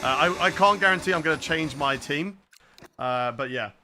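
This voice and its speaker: A man's voice: fairly high pitch, moderate pace, sharp tone, a little hiss or hum. A young man live-streaming a racing game, chatting casually and answering viewer questions between laps. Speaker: gaming streamer.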